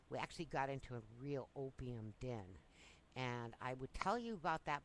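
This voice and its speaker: A woman's voice: a bass voice, slight background noise, poor audio. A woman casually telling breezy, self-amused stories from her younger years. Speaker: storyteller. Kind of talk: casual personal storytelling.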